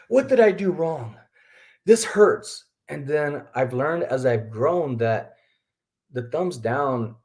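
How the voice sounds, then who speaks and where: A man's voice: mid-range voice, a little mellow. Chatty rambling man on a live stream. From Texas. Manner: rambling, chatty, laughs often, talks to viewers as folks. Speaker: livestream host, reseller. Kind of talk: casual live-stream chat.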